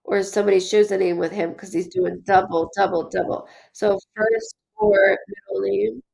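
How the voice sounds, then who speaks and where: A woman giving a live-streamed psychic reading in an animated, rambling way, with many fillers and restarts. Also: mid-range voice, normal speed, vocal fry, breathy edge, dry recording, low-quality recording. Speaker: psychic medium.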